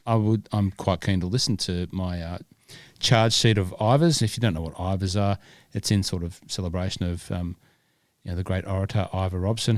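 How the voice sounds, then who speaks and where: A man's voice: sits low, no echo. A man, born in Scotland, hosting a golf podcast in rambling casual chat full of fillers and restarts. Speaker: podcast host.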